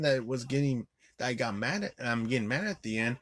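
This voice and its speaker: A man's voice: medium pitch, animated, a little fast, fairly bright tone, slight background noise. A man recapping a film in a profane, rambling rant, full of "like" and flaring into angry outbursts. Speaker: movie reviewer.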